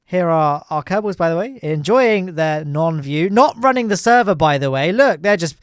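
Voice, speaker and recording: A man's voice: a little high, expressive, moderate pace, hardly any pauses, smooth, no echo, studio quality. A man giving jokey, self-deprecating commentary over gameplay footage, chuckling often. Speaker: gaming YouTuber.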